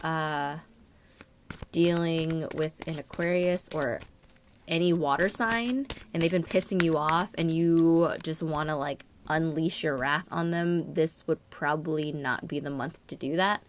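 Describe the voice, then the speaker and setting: A woman's voice: deep voice, fairly even intonation, unhurried, a little hiss or hum. A young woman giving a casual astrology and tarot reading, rambling and filling her talk with "like" and "um". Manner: rambling, many fillers and "like". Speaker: tarot reader.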